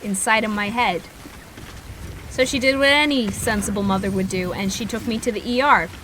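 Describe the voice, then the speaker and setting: A woman's voice: medium pitch, moderate pace, a bit bright, a little hiss or hum. A woman in her twenties, a streamer, telling a story in a rambling, casual way, swearing freely and laughing at herself. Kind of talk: casual storytelling while gaming.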